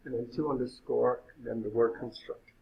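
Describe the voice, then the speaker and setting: A man's voice: medium pitch, steady tone, moderate pace, vocal fry, a little hiss or hum. A male web instructor giving an informal live coding lecture, thinking aloud with frequent fillers. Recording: phone-like lo-fi sound.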